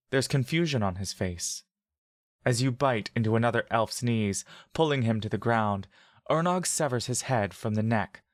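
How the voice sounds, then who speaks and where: A man reading a scripted second-person fantasy story in a steady, vivid storytelling manner. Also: fairly low pitch, dry recording, studio quality. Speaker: narrator.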